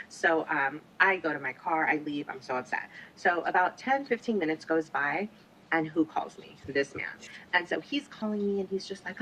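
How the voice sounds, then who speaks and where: A woman's voice: deep voice, lively intonation, moderate pace, fairly bright tone, a little hiss or hum, poor audio. A woman retelling a personal story in a matter-of-fact but indignant way.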